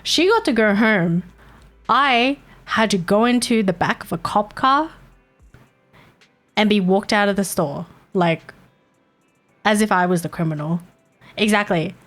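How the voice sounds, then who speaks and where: A woman's voice: medium pitch, measured pace, long pauses, a bit bright. Woman streamer, casual storytelling at a desk mic, frank and profane, faint music behind. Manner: candid, swears freely, chuckles between points. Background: faint background music.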